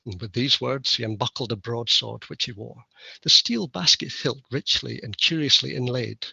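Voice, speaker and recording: A man delivers a conference keynote with a wry, self-deprecating manner. His voice is bright and edgy with a gravelly, husky grain. The recording is dry and somewhat muffled. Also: medium pitch, normal speed, dry recording. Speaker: keynote speaker. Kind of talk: conference lecture.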